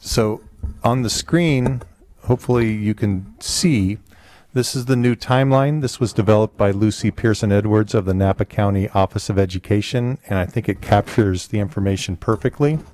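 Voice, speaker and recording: A man with a low, warm voice walks a school board through a report. His delivery is halting, full of fillers and restarts, and the sound is dry and close, with no room echo. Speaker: school district administrator. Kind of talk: presenting a report at a board meeting.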